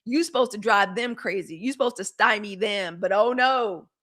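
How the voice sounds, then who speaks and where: A woman's voice: medium pitch, moderate pace, fairly bright tone. A middle-aged woman hosts a live news commentary stream, blunt, sarcastic and fiery, swearing freely and answering viewer comments. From United States. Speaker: host of a daily live news commentary show.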